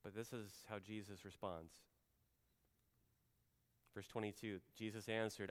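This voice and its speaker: A man preaching a sermon as pastor, conversational, often slowing and dropping to a quiet voice for emphasis. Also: fairly low pitch, fairly even intonation, long reverb tail. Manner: conversational, drops soft and slow for emphasis.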